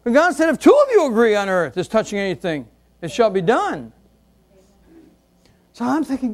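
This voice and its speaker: High-voiced man preaching with sweeping swings. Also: normal speed, pauses often. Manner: animated, swings between loud exclamations and quiet asides; asks the congregation rhetorical questions. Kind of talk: sermon.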